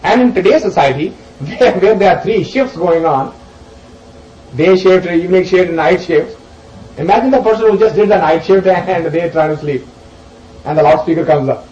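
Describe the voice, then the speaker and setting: A man teaching a group as he explains scripture verses, animated and emphatic, swinging between loud questions and soft asides. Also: high voice, normal speed, roomy sound, highs cut off. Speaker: spiritual teacher.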